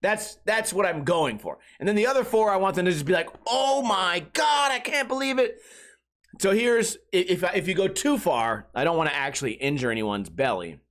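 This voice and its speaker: A man's voice: fairly high pitch, sing-song, brisk, few pauses. A man in his thirties hosting a casual comedic podcast, rambling crudely and filling his talk with filler words. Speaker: podcast host.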